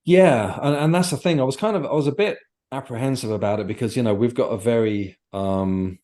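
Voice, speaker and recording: A man being interviewed as an author on a podcast, telling a personal story in a reflective, earnest way and pausing to search for words. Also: mid-range voice, warm tone. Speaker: author guest.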